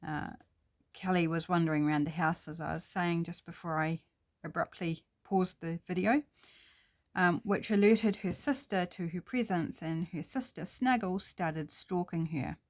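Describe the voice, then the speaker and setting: A woman's voice: lowish voice, normal speed. Chatty New Zealand woman crafting at home. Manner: chatty, thinking aloud while working. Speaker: crafting vlogger. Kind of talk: casual crafting narration.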